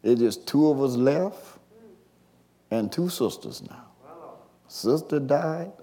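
A man, preaching a sermon, swinging from quiet storytelling to shouted call-and-response. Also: medium pitch, lively intonation, slow. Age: 60s.

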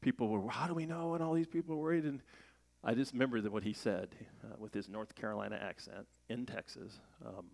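A middle-aged man preaching a sermon in a conversational way, asking rhetorical questions and raising his voice for emphasis. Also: medium pitch. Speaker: pastor.

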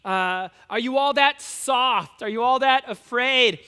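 Goliath, a preacher voicing a jeering giant. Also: male voice, very high voice, slow, bright, forceful tone, clear, resonant tone, full character voice. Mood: taunting. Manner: mocking, jeering. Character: taunting nine-foot giant warrior, male adult. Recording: long hall reverb.

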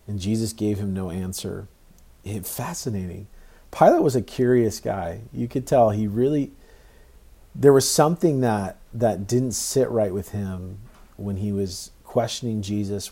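A man preaching a sermon in a conversational, halting way with many restarts. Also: fairly low pitch, dark tone. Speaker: pastor.

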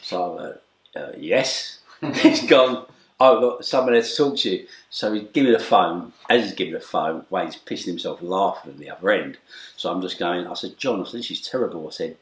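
Deep-voiced man spinning a yarn. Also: lively intonation, normal speed. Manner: acts out quoted voices, swings from loud shouts to hushed asides; streetwise, swearing, repeated "right?". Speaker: interview guest. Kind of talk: animated storytelling. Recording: echoey room.

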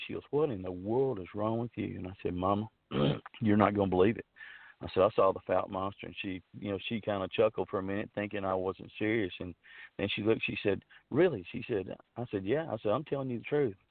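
A man's voice: lowish voice, a little fast, gravelly, no room sound. A man earnestly telling a long personal story in a rambling, casual way, full of restarts and fillers. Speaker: guest telling his story. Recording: tinny phone line.

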